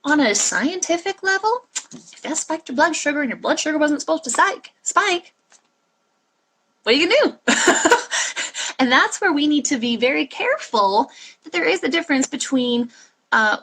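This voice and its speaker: A woman coach speaks straight to her listeners in a solo podcast. Her voice sits a bit high for a woman. She talks earnestly and with emphasis, slipping in quick pep-talk asides. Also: pushed and bright, a little hiss or hum, poor audio. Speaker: fat-loss and mindset coach.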